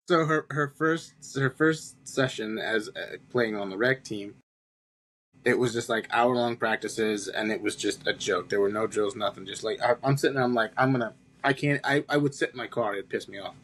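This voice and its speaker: A man who coaches high school soccer, chatting casually and retelling stories with quoted dialogue. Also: normal speed, fairly bright tone. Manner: chatty storyteller, quotes others. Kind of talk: casual chat.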